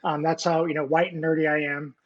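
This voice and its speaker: A man in his forties from the United States, formerly a Navy nuclear technician, tells his story at a quick pace in a level-toned voice on the high side. The casual interview happens over a video call with muffled audio. He rambles through many fillers and restarts, nerdy and self-deprecating, and jokes about being a nerd.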